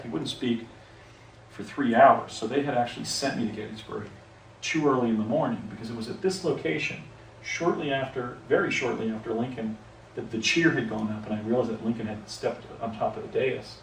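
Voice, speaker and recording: A man's voice: medium pitch, gravelly, slight background noise. A man telling a personal story outdoors, often stopping to correct himself and restarting his sentences. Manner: rambling, self-correcting, with frequent restarts. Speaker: storyteller recounting a personal experience. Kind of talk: unscripted first-person account. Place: outdoors, on location. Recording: roomy echo, mic at a distance, faint ambience.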